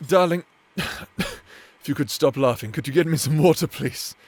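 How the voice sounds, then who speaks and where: A man voicing a teasing, affectionate necromancer husband in a whispered role-play, doting and laughing, speaking slowly and flirtatiously with a soft, breathy voice. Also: a little high, lightly acted. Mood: playful fluster.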